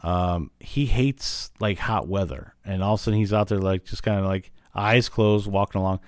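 A man with a lowish voice recaps an old cartoon for his podcast, rambling along with plenty of "uh"s and "like"s. He grew up in Illinois. The sound is dry and close, with almost no room around it. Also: normal speed, clean tone, no echo. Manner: rambling, filler-heavy retelling. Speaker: podcast host. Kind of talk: casual recap of a cartoon episode.

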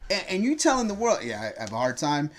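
A man co-hosting a casual podcast chat, animated and swearing freely. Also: a little high, fast talker. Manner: animated, swearing, laughs while talking. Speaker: podcast co-host.

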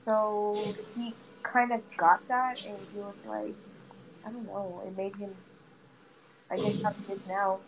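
Speaking unhurriedly in a mid-range voice, a young woman fills a friend in on a dramatic story during casual gaming chat. It's animated gossip, heavy on "like" fillers and frequent swearing, with faint background noise behind her.

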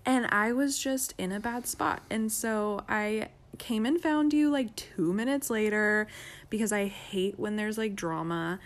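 A woman's voice: medium pitch, unhurried. A woman in a casual couple's chat, chatty and candid, often laughing as she talks. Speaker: podcast co-host.

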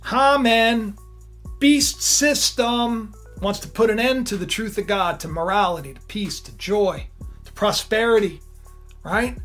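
A preacher retelling a scripture story in a sermon, animated and full of asides to the listeners. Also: medium pitch, unhurried, faint music behind.

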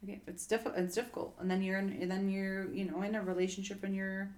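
A woman co-hosting a podcast, giving measured, reflective comments on relationships. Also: mid-range voice, flat delivery, a little mellow. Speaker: podcast co-host. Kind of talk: casual chat. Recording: echoey room.

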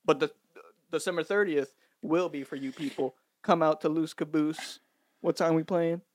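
This is a young man from Louisiana co-hosting a casual podcast. He talks in a loose, joking way, with a voice that sits a little high. The sound is dry and close to the mic. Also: steady tone, normal speed, a little mellow, dry recording. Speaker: podcast co-host. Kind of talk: casual chat.

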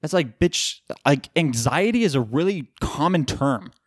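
A man's voice: a little high, lively intonation, measured pace, breathy edge, no room sound, clean studio sound. A tired man hosting his own podcast, rambling loosely through casual chat and swearing now and then. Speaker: podcast host.

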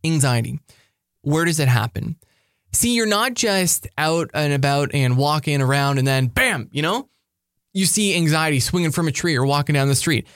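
A man preaching a motivational talk to high school students, energetic and emphatic, repeating his key phrases. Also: normal speed, no room sound, studio quality. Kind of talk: sermon-style motivational talk.

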